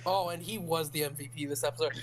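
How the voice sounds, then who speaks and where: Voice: medium pitch, steady tone, quick pace. A podcast co-host, chatting casually, stammering a bit and laughing while recounting. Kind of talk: casual chat.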